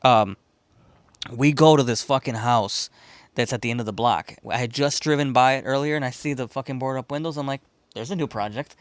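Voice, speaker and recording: A man's voice: mid-range voice, fairly even intonation, a little fast, smooth, no echo. A man from Chicago hosting a podcast, telling a story casually and profanely, rambling and laughing as he goes. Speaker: podcast host.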